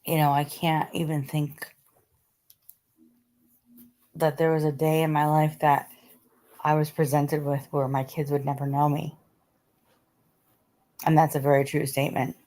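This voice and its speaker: A woman's voice: low-pitched, little pitch movement, unhurried, pauses often, warm tone. A middle-aged woman hosting a casual live stream, talking in a chatty way, repeating herself and reading out viewer comments. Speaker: livestream host.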